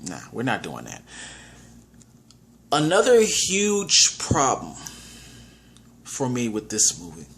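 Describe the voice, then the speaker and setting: A man giving a casual movie review, animated, often restarting his sentences and acting out his own reactions. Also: medium pitch, slow, pauses often.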